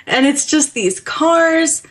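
A woman co-hosting a casual podcast chat about a video game, animated and laughing often, acting out characters. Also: sits high, slow pace. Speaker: podcast co-host.

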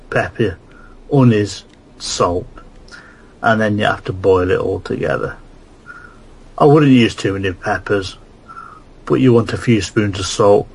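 A man voicing a British-accented man reading out a cooking recipe in a slow, deliberate way, as a comic podcast bit. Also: lowish voice, gravelly, breathy edge, heavily acted.

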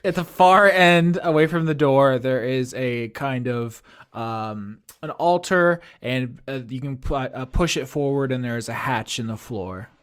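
A man at the helm of a tabletop game, describing rooms and rolling dice in a chatty, self-deprecating way. He laughs often and his voice sits in a middle pitch. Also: unhurried, fairly bright tone, smooth. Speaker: game master.

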